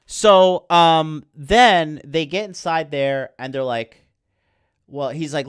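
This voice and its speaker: A male podcast host in mid rant, swearing freely and sneering at every plot turn. His voice is smooth and resonant, recorded close with no room echo. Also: fairly high pitch, takes it slowly. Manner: profane, heated, sarcastic. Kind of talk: ranting film commentary.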